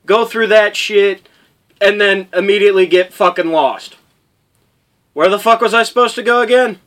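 A man telling a crude, exasperated gaming story in casual chat, bursting into shouts. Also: high voice, moderate pace. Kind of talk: casual profane gaming rant.

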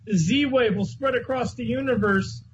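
High-voiced man chiming in, lo-fi. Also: normal speed. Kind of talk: casual podcast chat. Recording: dull lo-fi audio with faint noise.

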